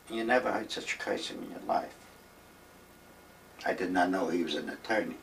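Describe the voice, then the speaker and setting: Old guy with a deep voice rambling thru his union days stories, sounds far from the mic, faint hiss. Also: moderate pace, vocal fry, long pauses, fairly bright tone. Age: older. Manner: rambling, emphatic, acts out quoted dialogue. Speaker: interviewee. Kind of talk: reminiscing storytelling. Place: retirement village home.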